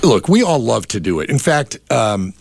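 A man's voice: mid-range voice, big pitch swings, moderate pace, gravelly, no room sound. A man chatting on a radio talk show, rambling with restarts and trailing asides. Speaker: radio guest. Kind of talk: casual chat.

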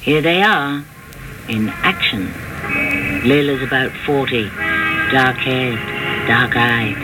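A man narrating a crime story in a measured, wry storytelling voice. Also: medium pitch, background noise. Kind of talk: scripted dramatic narration.

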